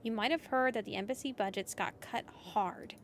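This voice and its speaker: A woman's voice: mid-range voice, slight background noise, natural voice. A woman reading a curt embassy clerk. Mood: weary. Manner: brisk and defensive. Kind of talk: game dialogue reading.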